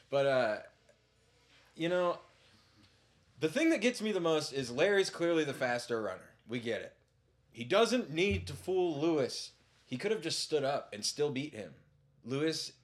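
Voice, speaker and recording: A man talking as a podcast guest in a casual, animated, joking way. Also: mid-range voice.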